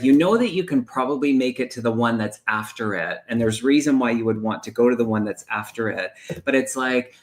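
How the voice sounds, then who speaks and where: Soft-spoken man hosting psychic readings. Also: mid-range voice. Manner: soft, meandering, thinks aloud in loose analogies. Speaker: psychic medium and stream host. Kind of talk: live-stream psychic reading.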